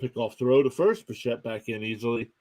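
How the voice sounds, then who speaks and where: Young male stream host, steady play-by-play caller, mid-pitch voice. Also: brisk. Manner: steady play-by-play, reads out scores and thanks viewers. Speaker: live stream sports commentator. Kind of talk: live play-by-play reaction commentary.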